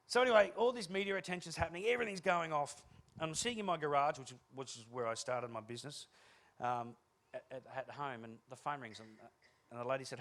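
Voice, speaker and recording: A man giving a humorous keynote talk on stage, telling energetic, joking stories to an audience. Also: a little high, brisk. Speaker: keynote speaker.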